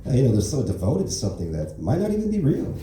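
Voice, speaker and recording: A man doing a rambling, deadpan stand-up set at an open mic, full of fillers. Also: mid-range voice, quick pace, slight background noise. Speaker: stand-up comedian. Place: comedy club open mic. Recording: echoey room from far off.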